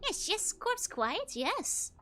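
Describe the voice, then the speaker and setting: Woman voicing a squeaky muttering old crone. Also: wildly swooping pitch, normal speed, sharp tone, heavily acted. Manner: sing-song mumbling, high squeaky. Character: cranky old woman corpse-tender, muttering.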